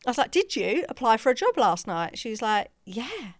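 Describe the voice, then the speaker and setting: A woman's voice: fairly high pitch, big pitch swings, fairly quick, dry recording, studio quality. A woman podcast co-host and practice manager, telling a story in casual chat and acting out the quoted dialogue with laughter.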